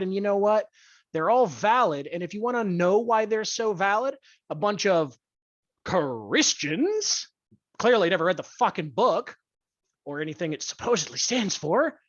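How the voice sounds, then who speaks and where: A podcast host in a profane sports rant, angry, crude and blunt, stressing key words with deliberate emphasis. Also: mid-range voice, fairly bright tone, dry recording. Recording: dull lo-fi dry recording.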